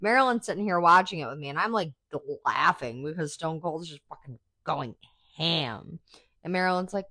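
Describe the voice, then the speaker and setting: A woman's voice: low voice, animated, normal speed, bright, forceful tone, no room sound, clean studio sound. A woman hosting a podcast in casual, profane, enthusiastic chat, full of "like"s. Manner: chatty, profane, enthusiastic fan talk with many "like"s. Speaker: podcast host.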